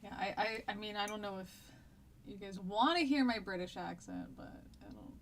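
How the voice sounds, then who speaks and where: A woman's voice: mid-range voice, normal speed, a little hiss or hum. Chatty American woman teaching live. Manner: chatty and rambling, with frequent ums and laughs. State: stuffy nose and cough. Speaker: history teacher. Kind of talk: casual live-streamed lesson.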